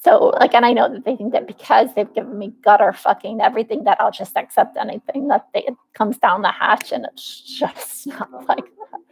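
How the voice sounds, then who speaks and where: Gravelly, husky woman venting profanely. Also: fairly high pitch, fairly quick, darkish tone, rough recording. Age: 40s. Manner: rambling and profane, with many restarts; aggrieved, venting. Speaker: vlogger. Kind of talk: casual vlog monologue.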